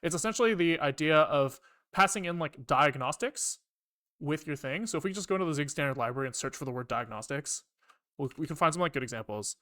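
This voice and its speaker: A man's voice: a little high, quick pace. A young man streaming himself programming, chatting casually and swearing freely as he rants and explains code. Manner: chatty, profane, animated ranting. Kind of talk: casual live coding stream chat.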